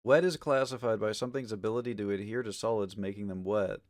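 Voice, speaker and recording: A man streaming live, chatting casually with his viewers, swinging from mumbled asides to loud exasperated ranting, with lots of swearing. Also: lowish voice, steady tone, fast talker, no room sound, studio quality. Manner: profane, argumentative.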